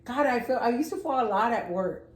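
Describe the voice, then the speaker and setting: A woman with a high, bright voice chats casually and tells stories with lots of laughter and frank swearing. The room around her is echoey. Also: animated, a little fast. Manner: laughing storyteller, swears freely. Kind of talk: casual chat.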